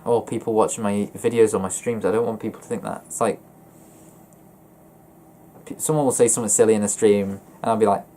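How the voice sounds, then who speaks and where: A young man vlogging about his feelings in a flat, monotone voice, hesitant and often stopping to correct himself. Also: on the low side, slight background noise. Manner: hesitant, halting and self-correcting. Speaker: gaming YouTuber. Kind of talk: personal confessional vlog.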